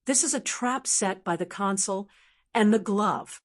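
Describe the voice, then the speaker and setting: A woman's voice: mid-range voice, unhurried, lightly acted. Woman reading as an anxious young noble mage. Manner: anxious, urgent.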